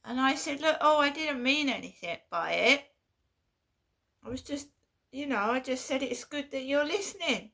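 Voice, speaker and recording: A woman vlogging in a casual monologue, halting and repeating herself with an aggrieved tone. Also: sits high, expressive, creaky, pushed and bright.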